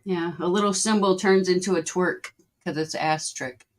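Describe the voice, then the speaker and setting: A woman's voice: on the low side, fairly even intonation, normal speed. A woman co-hosting a casual live morning stream, laughing often and talking in a loose, rambling way. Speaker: co-host.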